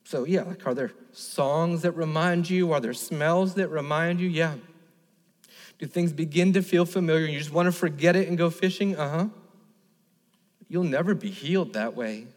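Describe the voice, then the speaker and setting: A man's voice: a little high, normal speed. A man in his thirties, a pastor preaching an earnest sermon, telling a personal story and building to emphatic repeated lines. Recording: long reverb of a large hall.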